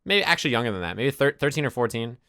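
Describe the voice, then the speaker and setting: A man streaming, telling stories in casual chat, animated and swearing freely as he acts out what people said. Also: medium pitch, rapid-fire, no room sound, studio quality.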